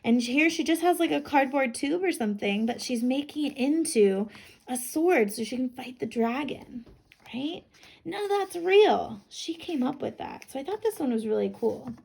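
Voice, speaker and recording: A woman's voice: high-pitched, lively intonation, moderate pace, vocal fry, a little mellow, breathy edge. A woman teacher doing a children's read-aloud lesson, talking enthusiastically to kids and checking in with "right?".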